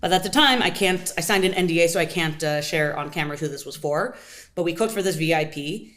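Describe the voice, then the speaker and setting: An American woman talks very quickly in a slightly low voice, telling stories as an interview guest. She is animated and acts out what people said, with sudden jumps in her pitch. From United States. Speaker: kosher pitmaster guest. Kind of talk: conversational interview storytelling.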